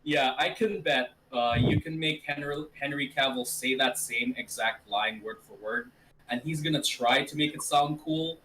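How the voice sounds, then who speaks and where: A man's voice: medium pitch, moderate pace, pushed and bright, a little hiss or hum. A man co-hosting a casual podcast chat, easygoing and chuckling as he tells stories. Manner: easygoing, laughs while telling stories. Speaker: co-host. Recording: distant from the mic.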